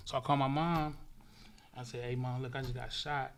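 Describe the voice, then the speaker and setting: A man, a podcast guest, telling a vivid, profane story in casual talk, acting out sounds and swinging between loud bursts and hushed murmurs. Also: mid-range voice, fairly even intonation, a little fast, gravelly, a little hiss or hum.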